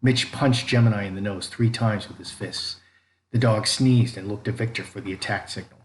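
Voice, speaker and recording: Male audiobook narrator, low voice, steady reading, roomy echo. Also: normal speed. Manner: reads all characters, lifting pitch and volume for quoted lines. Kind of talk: scripted narration. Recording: echoey room with faint background noise.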